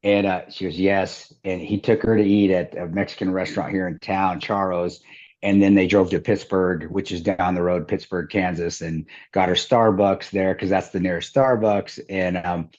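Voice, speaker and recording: A man's voice: deep voice, fairly even intonation, normal speed, darkish tone, muffled recording. A middle-aged man from the American Midwest, telling a story as an interview guest, rambling with restarts and laughter. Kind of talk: casual storytelling.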